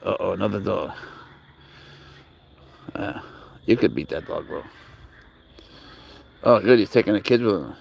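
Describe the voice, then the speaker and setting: Gravelly, blunt man livestreaming outdoors. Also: sits low, expressive, measured pace, long pauses, a little mellow, slight background noise. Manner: blunt, profane, rambling; answers chat messages aloud. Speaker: livestreamer walking his cat. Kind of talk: casual livestream chat. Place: outdoors in a park.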